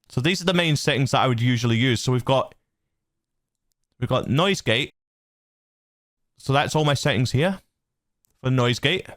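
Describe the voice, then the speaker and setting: A man with a medium-pitched voice and no echo walks viewers through his recording setup on his channel in a casual tutorial. He's loose and rambling, with lots of fillers and restarts, speaking into a dynamic studio mic through a mixer.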